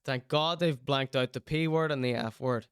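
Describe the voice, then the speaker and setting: A man's voice: medium pitch, normal speed, a bit bright, smooth, no room sound. A man hosting a casual show, reacting to clips with chatty, teasing asides.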